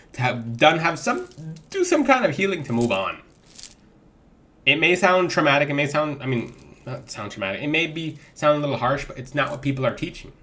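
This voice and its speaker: A man's voice: mid-range voice, fairly bright tone. A man giving spiritual advice to camera in a casual vlog. He preaches with animation and laughs readily. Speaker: spiritual vlogger selling gemstones.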